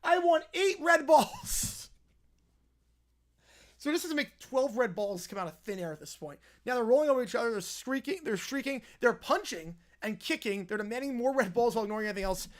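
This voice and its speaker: A man hosting a live stream, chatting casually and reading out a story. He reacts to it with quick laughs and offhand asides as he goes. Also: extremely high pitch, lively intonation. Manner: chatty, laughs at what he reads.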